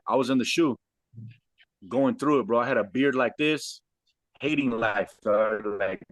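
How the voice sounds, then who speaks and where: A man from Southern California tells his life story in casual, animated speech, dropping "bro" every few words. His voice sits at an ordinary middle pitch. The recording is dry and close, with no room sound. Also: dry recording. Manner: animated, says "bro" constantly. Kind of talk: casual storytelling with street slang.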